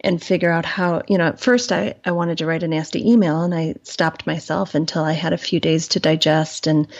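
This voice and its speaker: Gravelly, husky woman telling a story. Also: deep voice, fairly quick, lo-fi sound. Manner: animated storyteller acting out quoted voices. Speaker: guest. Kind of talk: casual podcast conversation.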